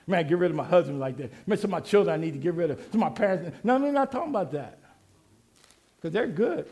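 A pastor preaching, leading the congregation in call and response and shouting out his refrains. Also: very high-pitched, animated, brisk. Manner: exhorting, shouting refrains, laughing asides.

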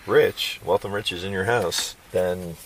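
A man's voice: low voice, slow, slight background noise, low-quality recording. A man co-hosting a casual Christian podcast, affirming and preacherly in his asides. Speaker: podcast co-host.

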